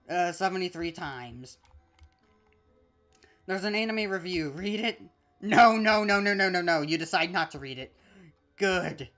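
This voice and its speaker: A woman's voice: fairly low pitch, fairly bright tone. A woman streaming a video game, reading the on-screen text aloud in a casual, chatty way with small asides.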